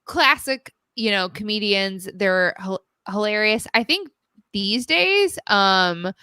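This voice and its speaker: A woman co-hosting a podcast, chatting casually in a hesitant, halting way. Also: medium pitch, animated, bright, forceful tone, clean tone, dry recording. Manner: hesitant, halting, many restarts. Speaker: podcast co-host.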